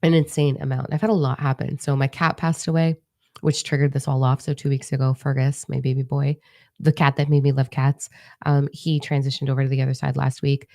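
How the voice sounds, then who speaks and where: Low, gravelly woman, chatty livestream host, slight lisp. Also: flat delivery, a little fast, a little mellow, no room sound, studio quality. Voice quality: slight lisp from new braces. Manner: chatty, rambling, with many fillers. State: recovering voice after lung trouble. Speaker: spiritual channeler hosting a livestream. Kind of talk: casual live-stream chat.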